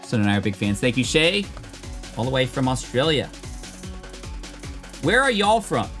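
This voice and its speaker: Upbeat male streamer, casual chat, mid-pitched voice, faint music behind. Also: very animated, moderate pace, fairly bright tone. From United States. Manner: upbeat, chatty, reads chat aloud. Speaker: streamer opening card packs.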